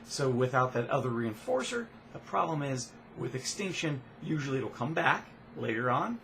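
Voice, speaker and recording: A man's voice: medium pitch, moderate pace, gravelly, a little hiss or hum. Man explaining dog training casually. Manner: relaxed, explains plainly with frequent uh fillers. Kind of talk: casual instructional talk.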